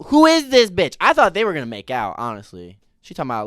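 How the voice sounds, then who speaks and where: A man's voice: on the high side, huge pitch swings, a little fast, a bit bright, no room sound, clean studio sound. A man giving a casual, opinionated TV recap, ranting in a profane, exasperated way. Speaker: TV recap vlogger.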